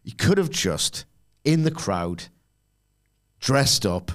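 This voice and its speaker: A man co-hosting a wrestling podcast, opinionated and quick with sarcastic asides. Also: medium pitch, sing-song, a bit bright. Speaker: podcast co-host. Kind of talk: casual podcast chat.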